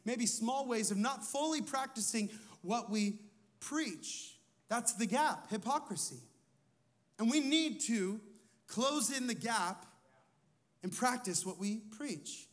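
Man, high voice, lead pastor, sermon, conversational, asks the crowd questions. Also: animated, slow. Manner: tells personal stories.

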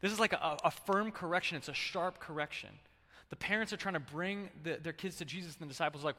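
Bright, animated preacher in a reverberant hall. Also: male voice, fairly high pitch, quick pace. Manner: conversational, animated, prompts congregation to respond. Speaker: pastor. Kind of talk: sermon. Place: church sanctuary.

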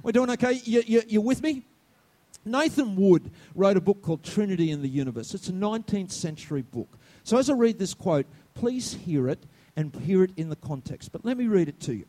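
A male pastor preaching a sermon in a high, lively voice that leaps up and down. He rises into loud outbursts, drops to low asides, and keeps checking in with the congregation. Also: fairly quick. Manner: asks the congregation questions. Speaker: senior pastor.

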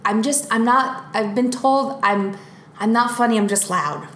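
A woman's voice: fairly high pitch, unhurried, a bit bright, echoey room, slight background noise. A woman comedian in an improvised comedy scene, talking eagerly and reassuringly, often restarting her sentences.

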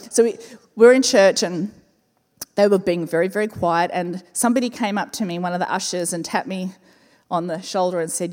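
A woman, a pastor telling a personal story in a sermon, expressive and slowing down to repeat key words. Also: on the low side. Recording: reverberant church hall with faint music.

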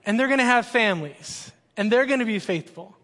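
A man's voice: high-pitched, expressive, fairly quick, bright, forceful tone. A man preaching a sermon as a student pastor, joking and conversational with the congregation in a large church. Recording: long hall reverb.

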